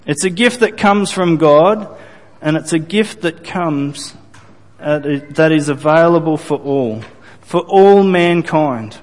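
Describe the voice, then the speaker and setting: A man preaching a sermon to his congregation, earnest and deliberate, repeating phrases and restarting sentences as he builds his point. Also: on the high side, expressive, in a large hall. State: briefly choked up. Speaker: pastor.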